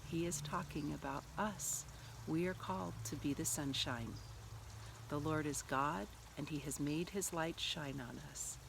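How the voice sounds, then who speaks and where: Speaking at a measured pace in a low voice with vocal fry, a middle-aged woman shares a personal story as a church devotional. The background is noisy, and she brings her quoted lines to life by acting them out.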